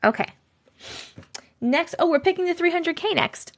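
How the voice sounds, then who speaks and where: A woman's voice: very high voice, expressive, moderate pace. A woman hosting a livestream, chatting casually and reading viewer stories aloud, chatty and effusive as she reacts to the chat.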